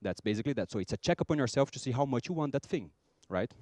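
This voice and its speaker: A man with a Brazilian accent giving a lively conference talk, acting out small scenes and joking with the audience. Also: medium pitch, rapid-fire, dry recording. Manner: lively, acts out little scenes and jokes with the audience. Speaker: conference speaker.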